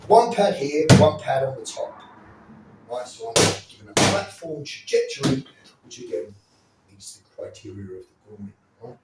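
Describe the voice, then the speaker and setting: A man demonstrates self-defense moves, teaching in a blunt, profane way and frequently checking in with the listener. His mid-range voice is sing-song and moves at a normal speed. He's recorded far off mic in an echoey room, with faint ambience but a very noisy overall sound.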